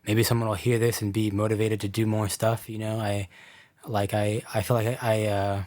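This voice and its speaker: A man's voice: fairly low pitch, flat delivery, moderate pace, darkish tone, no room sound. Man, guest artist, casual chat, upbeat, encouraging, repeats phrases, dry sound.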